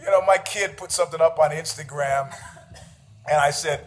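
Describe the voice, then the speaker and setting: A middle-aged man telling a story in a casual rant, profane and sarcastic, needling people and laughing at his own jokes. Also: fairly high pitch.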